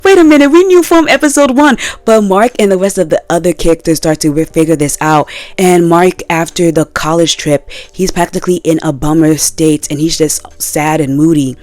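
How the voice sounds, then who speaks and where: A woman giving casual commentary in a vlog, animated and exasperated, full of slang. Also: deep voice, no echo. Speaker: video creator.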